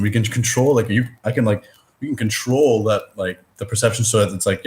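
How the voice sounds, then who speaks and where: Rambling man, halting casual talk. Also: fairly low pitch, fairly even intonation. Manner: rambling, halting, many fillers and restarts; swears casually. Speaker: discussion participant. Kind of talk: casual conversation.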